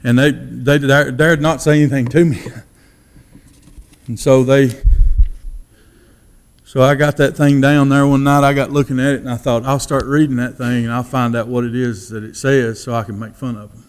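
A man giving his testimony as a sermon, in a folksy storytelling manner that drops to a hush for quoted thoughts. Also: mid-range voice, steady tone, moderate pace, clean tone.

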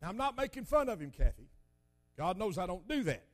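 Older male preacher, high voice, folksy and emphatic storyteller. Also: big pitch swings, brisk. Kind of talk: sermon.

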